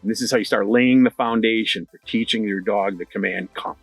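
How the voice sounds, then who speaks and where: A middle-aged man teaching dog training in a lively conversational way, repeating his key points. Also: fairly low pitch, fairly quick, husky, dry recording, soft background music. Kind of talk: instructional talk to camera.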